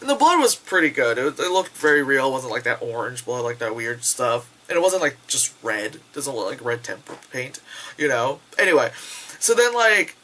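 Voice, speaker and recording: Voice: mid-range voice, very animated, normal speed, bright, forceful tone. A young adult rambling through a casual movie review vlog, packed with fillers and swearing. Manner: rambling, filler-heavy, profane.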